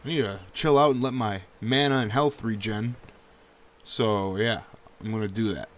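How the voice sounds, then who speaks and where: A young man casually narrating his own gameplay, swearing often and breaking into high yelps when danger shows up. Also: moderate pace, a little hiss or hum. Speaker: gameplay commentator. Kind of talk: casual let's-play commentary.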